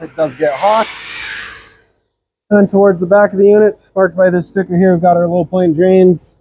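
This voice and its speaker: A man's voice: a little high, husky, muffled recording. A man giving a practical, instructive walkthrough of a travel trailer, outdoors and then inside it. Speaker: RV sales walkthrough presenter. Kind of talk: casual product walkthrough.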